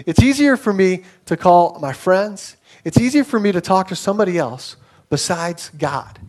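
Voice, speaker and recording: A man's voice: high voice, animated, moderate pace, a little mellow. A young adult man preaching a sermon in a conversational way, telling stories with acted quotes. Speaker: pastor.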